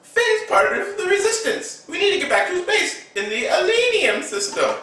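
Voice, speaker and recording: A man voicing a scared young woman hero in a squeaky falsetto, recorded far off in an echoey room. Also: very animated, moderate pace, bright, forceful tone, exaggerated voice. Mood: eager.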